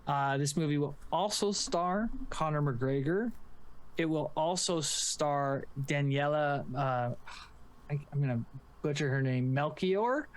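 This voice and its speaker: A man's voice: fairly high pitch, fairly even intonation, measured pace, clean tone. Chatty man co-hosting a podcast. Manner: rambling, joking, lots of fillers and restarts. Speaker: podcast co-host. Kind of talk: casual podcast chat.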